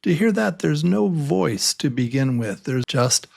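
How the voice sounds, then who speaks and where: A man's voice: mid-range voice, slow pace, creaky, breathy edge. A man teaching a beginner English pronunciation lesson, patiently repeating each letter sound and inviting the listener to try.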